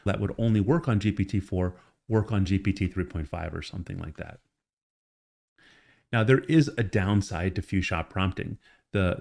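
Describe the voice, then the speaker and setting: A man with a fairly low voice walks through a tutorial lesson. He talks casually and keeps checking in with the viewer as he goes. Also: a little mellow. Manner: casual, conversational explaining with frequent check-ins. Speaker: course instructor. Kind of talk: screen-recorded tutorial lesson.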